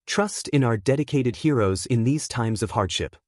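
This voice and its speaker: A man's voice: mid-range voice, expressive, moderate pace, darkish tone, no room sound, clean studio sound, natural voice. A man reading the formal, solemn public apology of a national leader.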